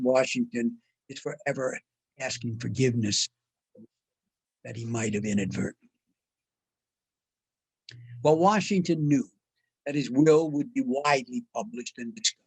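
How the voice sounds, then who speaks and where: An older man giving a measured, deliberate history lecture, with frequent "uh" fillers. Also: mid-range voice, creaky, breathy edge, no room sound, rough recording. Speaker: guest lecturer. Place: online talk.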